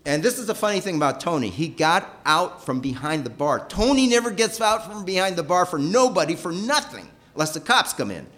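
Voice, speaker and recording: A man's voice: brisk, hardly any pauses. A middle-aged man telling a personal story with emotion. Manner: emotional, animated, pitch rising and falling sharply.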